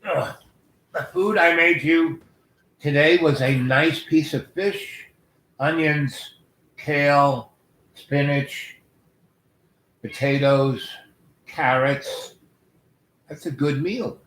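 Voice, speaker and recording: A man's voice: fairly high pitch, drawn-out words, pauses often, fairly bright tone. A man speaking in an encouraging, coaxing way in casual talk. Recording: echoey room.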